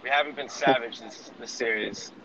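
A man's voice: medium pitch, fairly even intonation, moderate pace, muffled recording, crowd noise. A young man speaking directly and plainly in a casual podcast chat. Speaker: podcast co-host.

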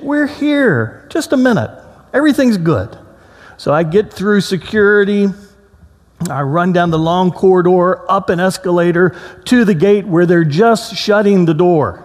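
A man preaching a sermon as a pastor, telling a story with lively acted-out quotes before slowing into reflective reading. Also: high-pitched. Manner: storytelling, animated, acts out quotes in a raised voice. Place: church sanctuary. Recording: long hall reverb.

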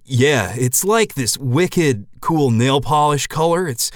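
A man voicing a dopey, earnest dad who talks softly about his feelings, with a smooth voice. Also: medium pitch, lively intonation, slow, no echo.

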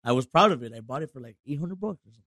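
A man's voice: medium pitch, racing, dry recording, studio quality. A man telling a story on a podcast, swearing a lot and acting out quotes, switching into now and then. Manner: animated, heavy swearing, acts out quotes. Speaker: podcast guest. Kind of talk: casual storytelling.

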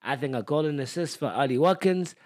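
A man's voice: fairly high pitch, fairly quick. A man co-hosting a casual podcast chat, ranting playfully and teasing his co-host with lots of laughter. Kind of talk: casual chat about fantasy football.

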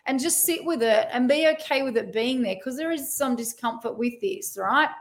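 Chatty woman coach, slightly high voice. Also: moderate pace. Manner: conversational, loose, frequent tag questions and restarts. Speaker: addiction and trauma recovery coach. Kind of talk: casual live-stream talk.

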